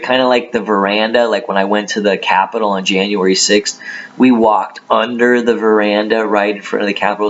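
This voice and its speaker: Chatty pastor, dull lo-fi sound. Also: male voice, lowish voice, slight background noise. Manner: conversational, chatty asides between readings. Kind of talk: casual Bible teaching with scripture reading. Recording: dull lo-fi recording.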